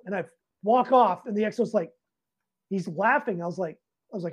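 Animated, swearing man telling a story. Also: high-pitched, fast, husky. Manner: animated, profane, acts out both sides of dialogue. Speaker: podcast guest, Navy master chief. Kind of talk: casual anecdote in an interview.

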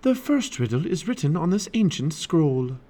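A man's voice: fairly high pitch, big pitch swings, moderate pace, warm tone, pitched above the performer's own voice. A man voicing a kind, mysterious old sorceress librarian in a family storybook reading. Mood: calm. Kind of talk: family storybook read-aloud.

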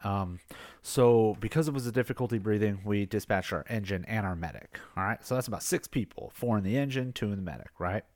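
A man's voice: on the low side, a little fast, darkish tone, dry recording, studio quality. Rambling ex-firefighter man telling a story. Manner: rambling, filler-heavy, laughs at his own story. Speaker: podcast host, former firefighter. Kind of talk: casual spoken storytelling.

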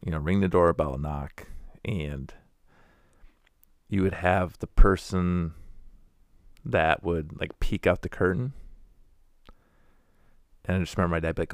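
A man's voice: sits low, fairly even intonation, a little slow, pauses often, no room sound, studio quality. A man telling wry, candid stories about going door to door as a preacher, acting out the people he met. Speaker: former door-to-door preacher telling his story. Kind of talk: casual storytelling monologue.

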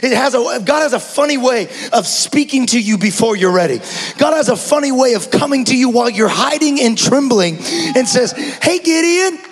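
High-ish guy preaching hard in a church, quiet then shouting, long echo. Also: animated, fairly quick, slightly rough. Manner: passionate preaching that swings from hushed to shouted. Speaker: pastor. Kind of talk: sermon.

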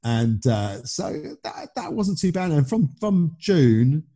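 A man's voice: on the high side, big pitch swings, slow pace, dark tone. A man, a stand-up comedian, telling a story in a casual, rambling interview chat with many restarts.

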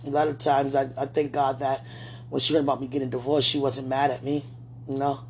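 A woman's voice: extremely low pitch, little pitch movement, a little fast, a little hiss or hum. A middle-aged woman speaking an emotional, repetitive prayer aloud, pleading and talking to herself.

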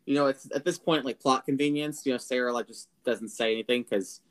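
A man co-hosts a casual spoiler-review podcast. He retells the story with energy and jumps into brief voices for the characters. His voice sits in an ordinary middle pitch. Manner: animated retelling, acting out lines in quick impressions. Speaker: podcast co-host.

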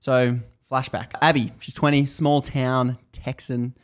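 A man hosting a podcast, casually retelling a book's story in animated bursts that build tension. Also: mid-range voice, a little slow. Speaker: podcast host. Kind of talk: casual book recap chat.

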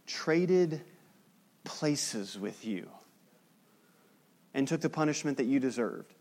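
A man preaching a sermon as pastor. He talks conversationally, drops in joking asides, and moves between loud emphasis and hushed, solemn passages. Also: fairly high pitch, takes it slowly.

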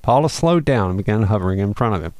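A man hosting a show and reading a children's Christmas story aloud in a folksy, expressive way. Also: lowish voice, fast talker, no room sound. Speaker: host and storyteller.

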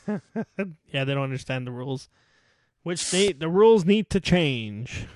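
A man's voice: fairly high pitch, animated, a little slow, darkish tone, dry recording, studio quality. A man co-hosting a casual podcast, joking around and laughing often. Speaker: podcast co-host. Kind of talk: casual chat.

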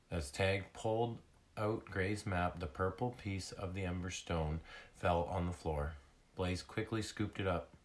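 A man narrating a children's chapter book aloud in a steady reading manner. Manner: slow, steady, deep-voiced reading.

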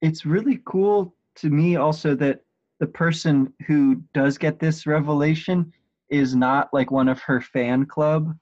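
A man's voice: on the high side, measured pace, darkish tone, no room sound. A man co-hosting a casual book discussion podcast, speaking hesitantly and searching for words with many fillers. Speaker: podcast co-host. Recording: dull, dry sound.

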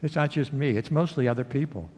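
With a warm tone and a long reverb tail, a man preaches as pastor in a church sanctuary, speaking quickly at medium pitch. He relates a story with acted-out quotes and asks the congregation questions along the way.

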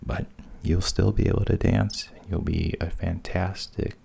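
A cool, bargaining sea witch, as a man puts her on in a whispered role-play. The voice is breathy and husky, sitting very low and moving slowly. It stays soft and intimate throughout. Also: fairly even intonation, full character voice. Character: scheming female sea witch, bargaining coolly.

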